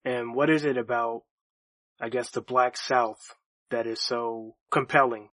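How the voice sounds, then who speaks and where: A man hosting a podcast interview who asks questions in a calm, attentive way. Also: mid-range voice, unhurried, no echo. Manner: calm and attentive, with short backchannel hums. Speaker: podcast host.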